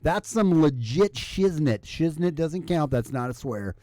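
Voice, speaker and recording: A man's voice: a little high, animated, measured pace, dark tone, no echo. A man hosting a live call-in stream with casual drinking banter. He is a little drunk, rambles and swears, and keeps relaying the caller's words to his co-hosts.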